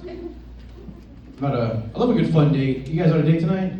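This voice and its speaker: Lively young man doing stand-up. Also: fairly high pitch, fairly quick, far from the mic, dull audio. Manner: crowd work, laughing at his own jokes. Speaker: stand-up comedian. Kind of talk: stand-up set. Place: comedy club stage. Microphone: handheld stage mic. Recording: roomy club sound, audience laughter.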